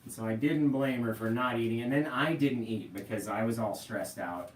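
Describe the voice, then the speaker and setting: A man's voice: medium pitch, normal speed. A middle-aged man hosting a live painting tutorial, chatting straight to viewers in a casual, storytelling way and checking in with "right?" as he goes. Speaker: painting instructor. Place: home painting room. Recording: roomy, mic at a distance, faint hiss.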